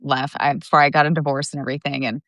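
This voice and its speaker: A woman from Michigan's Upper Peninsula, a guest on a casual chat, who tells stories in a lively way and acts out her own reactions. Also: sits low, quick pace, no room sound, studio quality.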